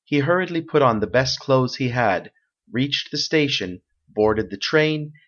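A man reads a story aloud in steady, measured narration. His voice sits at an ordinary middle pitch. The recording sounds dull and lo-fi.

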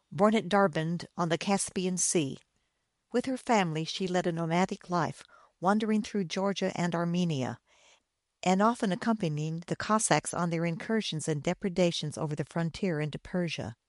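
A woman narrating a dark old story in a steady, measured reading voice. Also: lowish voice, no room sound, clean studio sound. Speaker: audiobook narrator.

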